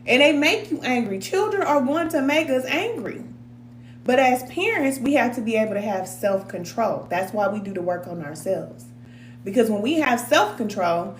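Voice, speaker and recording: A woman spiritual advisor talks straight to her viewers, earnest and animated. Her voice sits a bit high. The room is echoey, with a faint hum behind her. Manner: earnest and animated, acts out quotes, laughs often. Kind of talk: casual advice talk to viewers.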